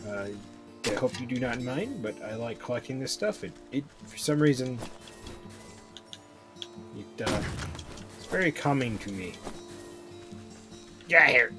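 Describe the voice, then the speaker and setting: A male streamer chats his way through a game, relaxed and half to himself. His pitch moves a lot, and faint game music plays behind him. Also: measured pace, pauses often. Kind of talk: casual gameplay commentary.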